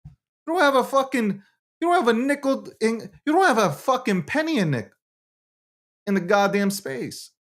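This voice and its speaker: A man hosting his own show alone, talking brashly with lots of swearing, swinging from low muttering to loud ranting. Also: lively intonation, moderate pace. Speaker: show host. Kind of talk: animated solo monologue.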